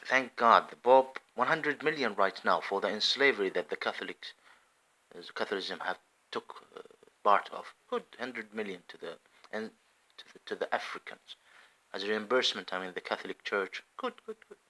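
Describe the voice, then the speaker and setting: A man giving an impassioned religious monologue, swinging between loud emphatic outbursts and hushed asides. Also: on the low side, moderate pace. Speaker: religious commentator.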